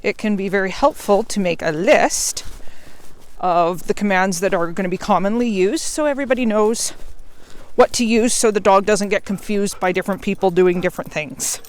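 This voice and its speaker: A woman's voice: mid-range voice, normal speed. Woman dog trainer explaining outdoors. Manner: friendly, plain explaining with occasional fillers. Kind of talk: instructional vlog while walking dogs. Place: outdoors on a forest trail.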